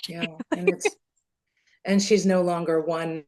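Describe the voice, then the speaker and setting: Woman, podcast guest, animated storyteller, laughs often, casual chat. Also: fairly low pitch, a little slow.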